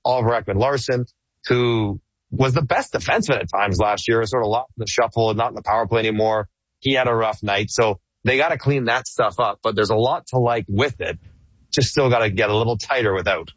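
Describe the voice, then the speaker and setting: Middle-aged male hockey broadcaster, husky low voice, dry lo-fi line, chatty and rambling. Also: a little fast, no echo. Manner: animated, laughs easily, rambling restarts. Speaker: hockey play-by-play broadcaster guest. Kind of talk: casual sports radio chat.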